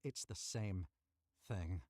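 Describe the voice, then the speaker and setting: A man voicing a gruff, reclusive male lighthouse keeper in a growling Scottish accent, recorded in a cramped booth. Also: low-pitched, takes it slowly, darkish tone, no echo, clean studio sound. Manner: curt, rough-spoken.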